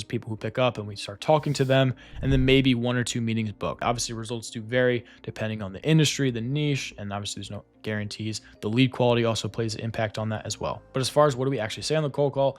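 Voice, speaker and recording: Fast-talking young man coaching sales. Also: mid-range voice. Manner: quick, emphatic, repeats points for stress. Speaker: agency owner teaching sales. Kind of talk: fast direct-to-camera business coaching.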